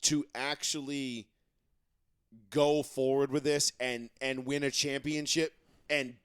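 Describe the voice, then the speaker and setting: A man hosting a casual sports talk show, trading profane, animated banter with his co-hosts. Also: mid-range voice, slow pace, clean tone, dry recording, clean studio sound. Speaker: podcast host.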